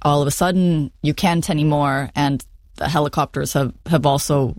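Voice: mid-range voice, fairly even intonation, normal speed, darkish tone, no echo, studio quality. An interviewer recapping a guest's story and asking short follow-up questions. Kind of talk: conversational interview.

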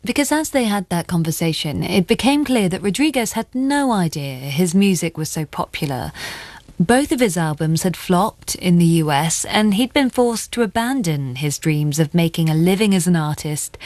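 A woman hosting a show who narrates a scripted story in a measured way and asks interview questions. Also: fairly low pitch, lively intonation, a little mellow, no room sound. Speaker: host and narrator.

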